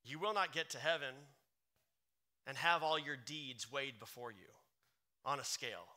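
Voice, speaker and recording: A man preaching a sermon to a live congregation, swinging from loud emphatic lines to low hushed ones. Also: unhurried. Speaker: pastor.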